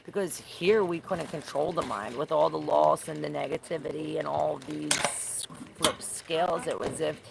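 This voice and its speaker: A woman's voice: low-pitched, steady tone, moderate pace, creaky, few pauses. A woman doing a casual, rambling tarot reading outdoors in the rain. She searches for words and swears casually. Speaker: tarot reader. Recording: noisy outdoor recording with rain.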